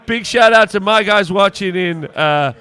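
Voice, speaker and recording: A British man doing live commentary on a tabletop wargame, joking and giving shout-outs to viewers. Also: sits high, unhurried, clean tone. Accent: British English.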